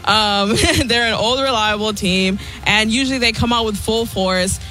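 A woman's voice: mid-range voice, moderate pace, bright, forceful tone, faint music behind. A woman on a sports radio show, chatting casually and playfully with a giggly manner. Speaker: show team member giving soccer picks.

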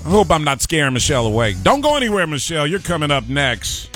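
Fiery talk radio host, high bright voice. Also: male voice, very animated, fast, faint music behind. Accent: Chicago. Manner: fiery, preachy, repeats phrases for emphasis. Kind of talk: impassioned political talk radio rant. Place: radio studio. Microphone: studio microphone.

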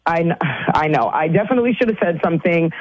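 Embarrassed woman, hesitant and halting. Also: fairly low pitch, animated, highs cut off. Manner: embarrassed, hesitant, with restarts and laughs. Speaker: caller. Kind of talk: radio show conversation.

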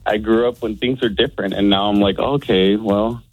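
Sick male caller with a deepened voice. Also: steady tone, moderate pace, no room sound, faint music behind, rough recording. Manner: hesitant, joking, lots of ums. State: sick, voice deeper than usual. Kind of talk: casual phone-in chat.

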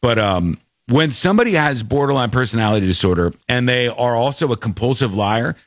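A man's voice: medium pitch, animated, fairly quick, fairly bright tone, dry recording, clean studio sound. A man telling a story in casual chat, acting out the people in it with shifting voices. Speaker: podcast host.

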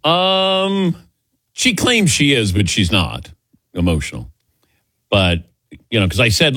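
A man in his sixties hosting a sports call-in radio show, chatty and quick to laugh as he takes callers. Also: on the low side, very animated, a bit bright, no echo, clean studio sound. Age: 60s. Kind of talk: casual call-in radio chat.

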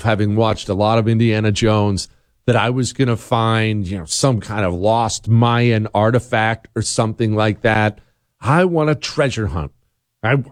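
A man hosting a radio talk show, sarcastic and mocking, with sudden jumps into a high voice. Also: no echo, studio quality. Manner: sarcastic, mocking, swings into high-pitched outbursts. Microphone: studio microphone.

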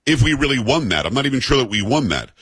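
A man's voice: medium pitch, sing-song, fast, a bit bright, husky, dry recording. A man hosting a radio talk show, arguing his opinions emphatically and repeating himself as he builds a point.

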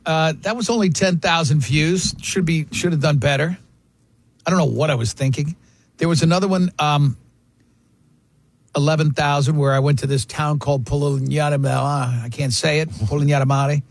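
A man hosting a casual sports radio show, telling lively stories and mimicking other people's voices. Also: on the high side, normal speed, creaky, no echo. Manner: animated storyteller, mimics voices in quotes. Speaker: radio host.

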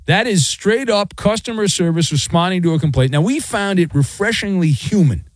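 A man's voice: sits high, moderate pace, no room sound. A middle-aged man hosting a sports talk radio show, ranting in a sarcastic, mocking way. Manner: sarcastic, mocking, animated rants. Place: radio studio.

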